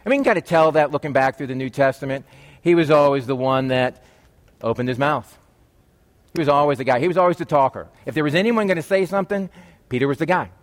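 A man's voice: on the high side, quick pace. A man preaching a conversational sermon as a pastor, with chatty, joking asides to the congregation.

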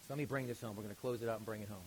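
A man's voice: lowish voice, fairly even intonation, racing, a little mellow, a little hiss or hum, low-quality recording. A male pastor giving a sermon in a casual, conversational way, with frequent asides to the congregation.

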